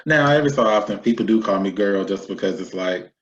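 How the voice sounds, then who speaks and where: A young man co-hosting a casual educational discussion, playful and quick to laugh. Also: fairly low pitch, animated, reverberant, lo-fi sound. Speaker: co-host.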